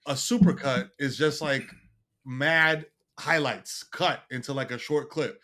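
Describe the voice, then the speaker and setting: A man's voice: medium pitch, unhurried, bright, forceful tone. A man, a podcast guest, telling stories in a casual, slangy way, swearing often and putting on other people's voices. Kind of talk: casual chat.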